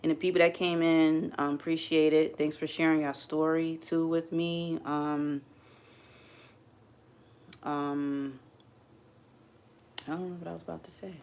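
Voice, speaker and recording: A woman talks straight to her viewers on a home livestream, rambling and candid, letting her feelings show openly. Her voice has a gravelly, fry-touched edge. A faint background hiss sits under the streaming mic. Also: low voice, little pitch movement, unhurried, pauses often, darkish tone. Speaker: livestream host. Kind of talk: casual livestream chat. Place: home streaming setup under bright lights.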